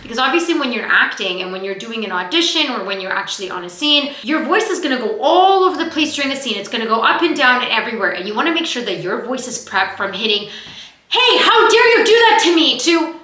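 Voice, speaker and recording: A young woman who talks fast and chatty as she teaches actors vocal warmup exercises. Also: a little high, lively intonation, reverberant, rough recording. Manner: fast-talking, chatty, demonstrates exercises aloud. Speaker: acting coach.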